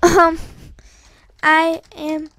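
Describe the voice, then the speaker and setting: A woman giving excitable live gameplay commentary, trash-talking opponents and giggling as she plays. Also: extremely high pitch, drawn-out words. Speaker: gaming channel host.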